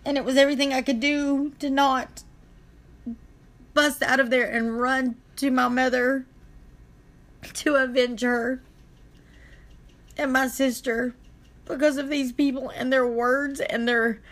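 A woman's voice: sits high, level tone, unhurried, long pauses, a bit bright. A young adult woman talking in a casual chat, emotional and impassioned.

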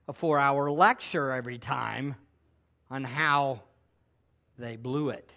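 A man's voice: medium pitch, slow pace, vocal fry, sharp tone. A middle-aged male pastor preaching a sermon, asking the congregation rhetorical questions.

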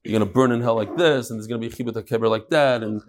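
A man's voice: medium pitch, rapid-fire. A man teaching a text-study lecture in a classroom, emphatic and rhetorical, often repeating his phrases. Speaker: religious studies teacher.

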